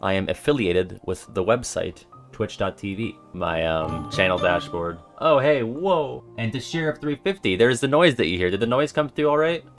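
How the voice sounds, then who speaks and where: A young man streaming a video game, joking and swearing, swinging from mumbles to yells, with faint music behind him. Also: fairly low pitch, lively intonation, moderate pace, few pauses. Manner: swears a lot, jokey, swings from mumbling to yelling. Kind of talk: casual game-stream commentary.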